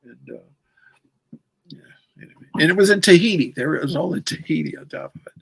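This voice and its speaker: Gravelly older man telling stories. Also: on the high side, a little fast, fairly bright tone, low-quality recording. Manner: rambling, repeats words when recounting. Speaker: comic artist guest. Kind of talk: casual interview storytelling.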